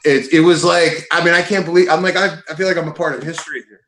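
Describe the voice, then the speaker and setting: A man's voice: a little high, fast. Man telling stories on an echoey video call. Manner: animated anecdote-telling, laughs mid-sentence. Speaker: guest. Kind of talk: casual storytelling.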